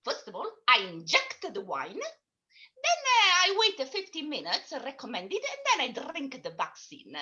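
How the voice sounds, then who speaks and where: A woman's voice: mid-range voice, bright, forceful tone, full character voice. A woman playing a boastful, scatterbrained Italian woman doctor with an Italian accent in an online character comedy, talking in a pompous, rambling way. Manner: pompous, rambling, self-assured.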